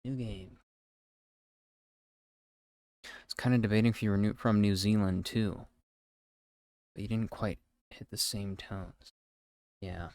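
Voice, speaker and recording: A young man with a fairly low voice streams live, chatting casually and thinking out loud as he codes. He reads code slowly under his breath between remarks. The sound is close and dry, with no room around it. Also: steady tone, no room sound. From United States East Coast. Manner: thinks aloud while coding, reading code slowly.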